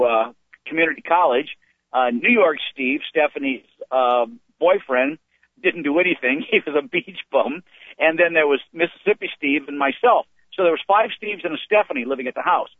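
A man's voice: on the high side, no room sound. A man in his fifties, a stand-up comedian, telling stories from his life in an interview and acting out the voices of people he quotes. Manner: animated storyteller, acts out quoted voices. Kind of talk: storytelling in an interview. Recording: phone-like dry sound.

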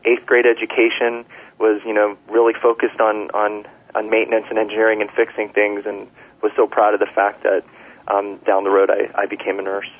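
A middle-aged man talks in a relaxed, storytelling way, full of fillers and restarts. His voice is husky and sits a little low. The sound comes through a thin, tinny phone line. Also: brisk. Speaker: nurse, author. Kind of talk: casual interview talk.

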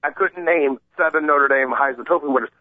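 A man co-hosting a casual sports talk show, telling a rambling, excitable story with many restarts. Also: fairly high pitch, brisk, no echo, phone-quality sound. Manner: rambling, excitable storyteller who acts out the people he quotes. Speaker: co-host.

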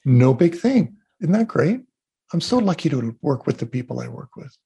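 A man being interviewed as an energy healer, telling animated stories and acting out what people said. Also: on the high side, moderate pace, creaky, breathy edge. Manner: animated storyteller, acts out quotes. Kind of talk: casual interview talk.

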